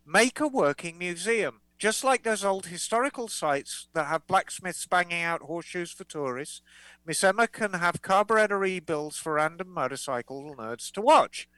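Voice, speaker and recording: A woman's voice: lowish voice, animated, normal speed, fairly bright tone, no echo, rough recording. A woman co-hosting a motorcycle podcast, reading listener letters aloud in a chatty, playful way. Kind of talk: casual podcast chat.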